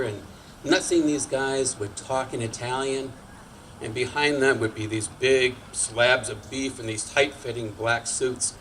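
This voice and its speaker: A man's voice: mid-range voice, slight background noise, low-quality recording. Wry older man telling a story. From Massachusetts. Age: 60s. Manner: lively, wry, chatty. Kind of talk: personal storytelling on stage. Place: community storytelling night before an audience.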